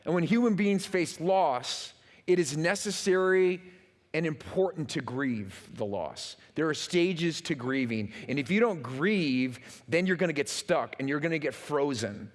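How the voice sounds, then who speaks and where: A man preaches from the stage, his voice a little high and swinging widely in pitch as he acts out quotes and leans on repeated words. His sermon rings out with the long echo of a big church hall. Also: lively intonation, unhurried. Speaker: pastor. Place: large church auditorium.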